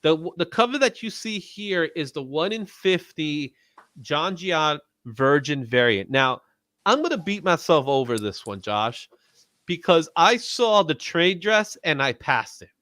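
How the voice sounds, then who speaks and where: A man hosting a casual livestream chat about comics, animated and often laughing. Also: on the high side, a little slow, dry recording. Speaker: host.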